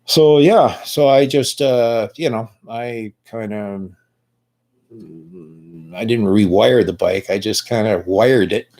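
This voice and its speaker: A man's voice: fairly low pitch, slow, a little mellow. A man in his sixties from Canada, talking bluntly and profanely in a rambling casual monologue.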